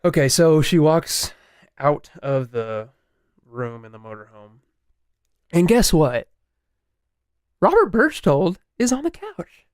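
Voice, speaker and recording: A young man co-hosting a podcast, retelling a story in casual chat, animated, swearing and laughing. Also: fairly high pitch, takes it slowly, long pauses, no echo, clean studio sound. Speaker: podcast co-host.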